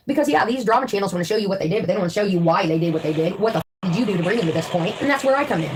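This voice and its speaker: A woman's voice: lowish voice, lively intonation, rapid-fire, darkish tone, rough recording. A middle-aged woman ranting to her viewers in a profane, boastful and threatening way. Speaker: drama livestreamer. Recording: faint background noise.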